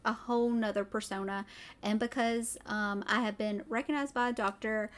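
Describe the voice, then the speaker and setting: A woman from Tennessee with a Southern accent, chatting casually on a livestream, excitable and rambling off on tangents. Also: mid-range voice, moderate pace. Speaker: streamer. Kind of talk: casual chat.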